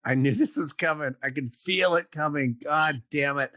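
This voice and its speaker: A man's voice: a little high, moderate pace, sharp tone, no echo, clean studio sound. A man co-hosting a podcast in casual chat, cutting in with short, wry remarks and the odd curse. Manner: wry interjections, swearing. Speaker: podcast co-host.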